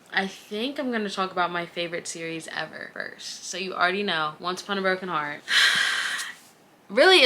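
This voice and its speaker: A young woman chatting casually in a book recommendation vlog, gushing and excitable, full of "like" and restarts. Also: medium pitch. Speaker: book vlogger.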